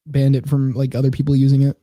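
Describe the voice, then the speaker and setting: A man's voice: medium pitch, monotone, fast, mellow, no echo, clean studio sound. A man in casual conversation, laid-back and offhand, swearing casually. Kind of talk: casual chat.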